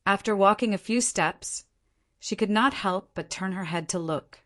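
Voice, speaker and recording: A woman narrating a fantasy novel audiobook in a steady, even reading voice. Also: mid-range voice, moderate pace. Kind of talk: scripted narration.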